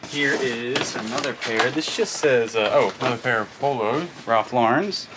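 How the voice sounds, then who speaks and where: A man excitedly narrating his vlog while going through a storage unit. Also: medium pitch, moderate pace, noisy background. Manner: excited, exclaiming. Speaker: reseller vlogger. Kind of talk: casual vlog commentary.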